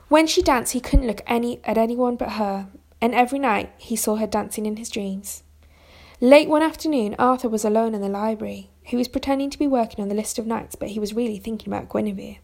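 A woman narrating a storybook chapter in a steady reading voice, with small restarts now and then. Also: fairly high pitch, vocal fry.

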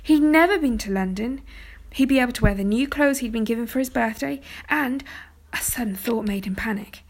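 A woman gently reading a chapter book aloud as a storyteller, sometimes dropping to a whisper. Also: a little high, a little fast. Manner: gentle, soft-spoken, dropping to a whisper at times.

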